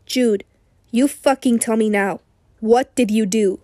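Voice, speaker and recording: A stern middle-aged doctor confronts his patient in cold, clipped, hoarse anger, voiced by a woman reader. Her tone is dark and a little high, recorded dry and close. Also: normal speed, no room sound, natural voice.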